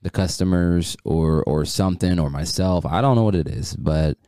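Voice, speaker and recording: A man who is a guest on a podcast, talking in a laid-back, halting way that often trails off. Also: low voice, warm tone, smooth, dry recording, clean studio sound. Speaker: guest, horror writer and haunt actor. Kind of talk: casual podcast chat.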